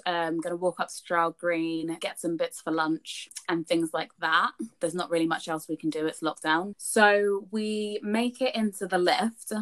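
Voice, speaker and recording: A young woman, telling a story in casual podcast chat, swearing freely. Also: lowish voice. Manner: chatty, frequent swearing, animated retelling. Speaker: podcast co-host.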